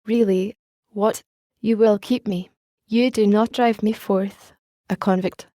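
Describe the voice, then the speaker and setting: A woman's voice: mid-range voice, steady tone, slow pace, dark tone, dry recording, studio quality, lightly acted. A woman reading the part of a weary, humble male ex-convict in an audiobook, eager and pleading. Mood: earnest.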